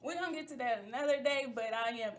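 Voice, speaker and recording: A woman's voice: high-pitched, fast talker. A woman hosting a talk show in a chatty, playful manner, talking straight to her listeners. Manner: chatty and playful, calls listeners "y'all" and "baby". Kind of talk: casual chat.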